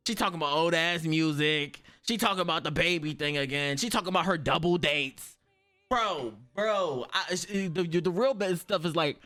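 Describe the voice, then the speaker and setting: A young man streamer, telling a story casually, swearing freely and jumping his pitch high when he acts out quotes. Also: a bit bright.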